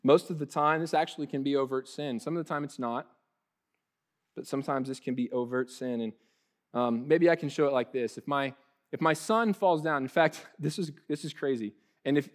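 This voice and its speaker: A young man preaching a sermon in a lively, conversational way, often restarting his sentences. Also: mid-range voice. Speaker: pastor.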